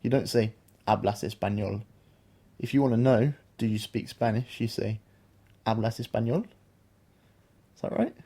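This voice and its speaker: Guy teaching a beginner spanish lesson on a podcast, patient, warm mellow voice. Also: medium pitch, fairly even intonation, a little fast, few pauses, husky. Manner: patient, explanatory. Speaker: language teacher, podcast co-host. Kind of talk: explaining a beginner language lesson.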